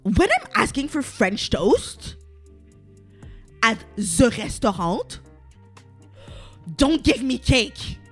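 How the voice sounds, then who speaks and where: A woman's voice: on the high side, big pitch swings, very slow, long pauses, a bit bright, soft background music. Foul-mouthed young woman ranting. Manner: swears a lot, ranty and digressive; exasperated, exaggerated complaining. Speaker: podcast host. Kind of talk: casual solo podcast rant.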